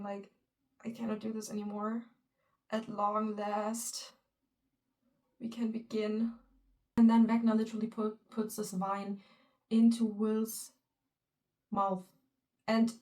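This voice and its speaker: A young woman giving excited, emotional fan reaction commentary, swearing often and piling on fillers. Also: fairly high pitch, distant mic. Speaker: fan vlogger.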